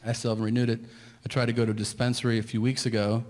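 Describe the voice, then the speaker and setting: A man's voice: mid-range voice, little pitch movement, rapid-fire, a little mellow. A man doing a stand-up set, telling a story and acting out the voices. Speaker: stand-up comedian. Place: theater stage. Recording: echoey live hall with audience noise.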